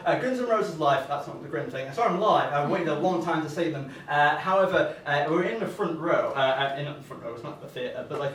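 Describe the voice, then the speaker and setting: A man's voice: sits high, a bit bright, roomy sound, distant mic. A young man doing stand-up in front of an audience, hesitant, with lots of fillers and restarts, laughing often. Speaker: stand-up comedian. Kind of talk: stand-up comedy set. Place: comedy venue with live audience.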